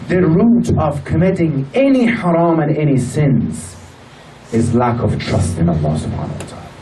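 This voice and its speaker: Guy preaching in a mosque hall, acts out the voices, kinda far from the mic, low hiss. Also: sing-song, normal speed, mellow. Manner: emotional, acts out voices in storytelling. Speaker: lecturer. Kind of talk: religious lecture. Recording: distant mic in a hall with faint noise.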